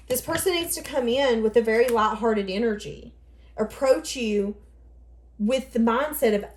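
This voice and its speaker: A woman's voice: on the high side, a little hiss or hum. A woman giving a casual tarot reading, rambling and thinking aloud as she goes. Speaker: tarot reader. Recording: echoey room.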